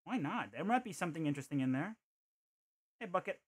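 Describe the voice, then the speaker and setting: Male game streamer, animated and jokey, thinks aloud; somewhat high voice. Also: quick pace, husky. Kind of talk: casual gameplay commentary.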